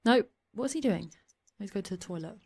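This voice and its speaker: A young woman giving chatty let's play commentary, often slipping into quick asides in her characters' voices. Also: medium pitch, animated, a little mellow, slightly rough. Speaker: gameplay commentator. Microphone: desk USB microphone.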